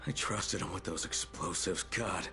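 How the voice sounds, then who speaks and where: A guilt-ridden survivor leader. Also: male voice, low-pitched, a little slow, bright, forceful tone, soft background music, full character voice. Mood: grieving. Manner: grave, emotional.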